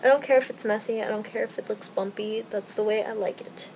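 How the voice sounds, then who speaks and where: This beauty vlogger has a mid-range, darkish voice with a steady tone, talking a little fast through a casual hair tutorial at home. Chatty and self-deprecating, she rambles with many "likes" and sounds a bit winded. The recording is low quality, with some hiss or hum.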